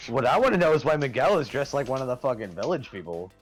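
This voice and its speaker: A man's voice: medium pitch, very animated, fast, soft background music. A young man with a nasal voice, co-hosting a casual gaming stream with crude, joking banter. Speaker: co-host.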